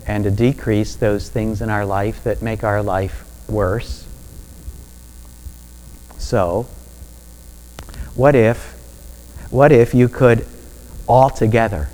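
A man preaching a sermon in a measured, deliberate way that builds to emphatic peaks. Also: on the low side, a little mellow, slight background noise, rough recording. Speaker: pastor.

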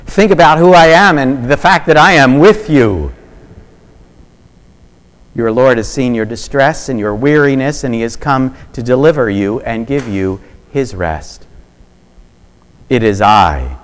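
A man preaching a sermon, reflective and varying his loudness for emphasis. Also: medium pitch, measured pace.

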